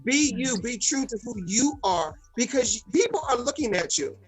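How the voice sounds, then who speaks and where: A man's voice: very high-pitched, animated, moderate pace, faint music behind, poor audio. A man hosting a talk show, chatting casually and cheerfully plugging the show with repeated phrases. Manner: repeats words, upbeat promo patter. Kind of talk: casual chat.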